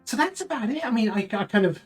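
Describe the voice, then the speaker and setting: A man's voice: very high-pitched, sing-song, fast talker, soft background music. A man chatting casually on a live stream from home, enthusiastic and rambling. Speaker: streamer hosting a lunchtime chat.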